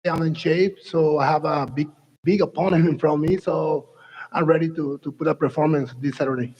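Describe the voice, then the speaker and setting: A man's voice: on the high side, steady tone, fairly quick, a little mellow, poor audio. A male fighter answering at a press conference with simple, eager phrasing.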